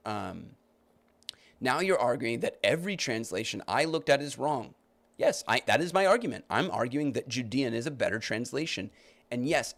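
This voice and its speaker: A man hosting a podcast, arguing his point and rebutting comments he reads aloud, with many restarts. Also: medium pitch. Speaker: podcast host. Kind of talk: live-stream commentary reading comments.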